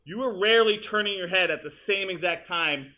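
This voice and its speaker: A male teacher walking students through an editing demonstration in a high school classroom, casual and chatty as he works. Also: brisk, sharp tone. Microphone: room mic, uneven audio quality.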